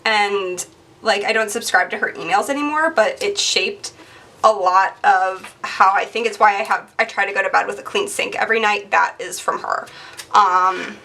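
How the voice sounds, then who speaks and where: Woman, 20s, chatty rambling vlogger; bright tone with some vocal fry, mic a bit distant. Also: mid-range voice, normal speed. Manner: rambling, chatty, lots of fillers. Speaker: planner vlogger. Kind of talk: casual chatty narration over crafting.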